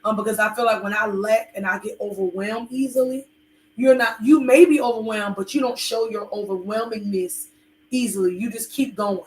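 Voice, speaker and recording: A woman talks in a loose, rambling way, full of fillers and candid asides. Her voice sits a little high, and it echoes around the room. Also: steady tone, a little fast. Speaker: podcast co-host. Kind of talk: casual chat with her husband.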